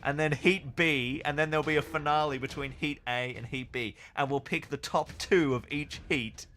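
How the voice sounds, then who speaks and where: A man's voice: on the high side, fairly even intonation, moderate pace, a bit bright, a little hiss or hum. A Scottish man hosting a casual livestream, joking and thinking aloud with fillers. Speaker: streamer host.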